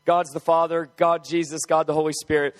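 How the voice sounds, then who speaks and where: A man preaching an animated, humorous sermon, telling stories with energy. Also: a little high, brisk, faint music behind.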